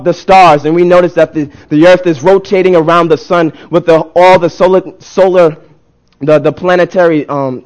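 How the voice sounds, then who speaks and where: Man, preacher, sermon, slightly high voice, repetitive build-ups, call-and-response. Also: a little mellow, highs cut off. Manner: rising to emphatic peaks, call-and-response with the congregation; repeats and restarts words, builds intensity.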